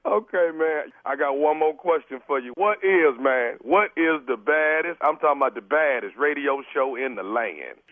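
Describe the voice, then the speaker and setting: Man, high-pitched voice, tinny phone line, dry sound, stammering prank caller. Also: animated, normal speed, hardly any pauses, no echo. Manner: persistent, stammering, formal "sir" with sudden laughs.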